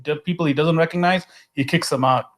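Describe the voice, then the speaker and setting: A man in casual chat, calmly explaining how something works. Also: on the high side, a little fast.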